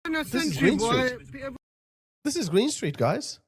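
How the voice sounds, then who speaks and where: A man's voice: extremely high pitch, sing-song, takes it slowly, pauses often, slightly rough. A man giving heated commentary over video clips, indignant and firing off repeated rhetorical questions. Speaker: online political commentator.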